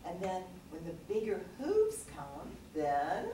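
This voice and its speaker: A woman presenting a read-aloud workshop in a lively way, breaking into little songs as she teaches. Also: fairly low pitch, moderate pace, few pauses. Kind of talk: teaching with sung story examples. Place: workshop room. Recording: echoey room, mic far off, noisy.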